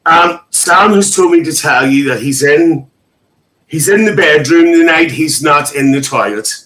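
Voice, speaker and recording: A man's voice: on the high side, pushed and bright, poor audio. A man hosting a casual livestream, reading viewers' comments aloud in an emotional, chatty way with frequent laughter. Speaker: livestream host.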